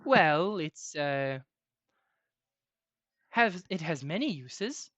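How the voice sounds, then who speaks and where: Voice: mid-range voice, sing-song, very slow, fairly bright tone, dry recording, full character voice. Game master voicing a smug forest sorceress.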